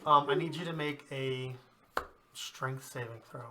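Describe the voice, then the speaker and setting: A man's voice: medium pitch, steady tone, unhurried, noisy background. A man running a tabletop game as game master, narrating casually and laughing often.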